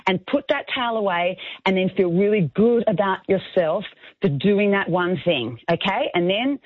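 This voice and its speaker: A woman's voice: mid-range voice, expressive, normal speed, no echo. An author and speaker, a woman, talking in an earnest, encouraging way as a radio interview guest. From Australia. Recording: tinny phone line.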